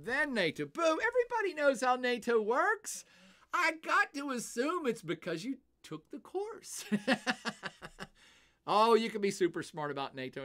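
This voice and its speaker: An older man hosting a livestream, casually answering chat questions in an animated way and laughing often. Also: sits high. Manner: animated, laughs often, puts on silly voices. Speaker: livestream host.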